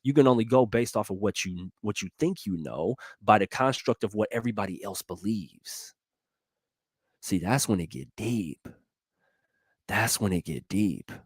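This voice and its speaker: Animated male motivational speaker, slangy and repetitive, pitch swings wide, dry close recording. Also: unhurried, breathy edge, no room sound. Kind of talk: energetic motivational monologue.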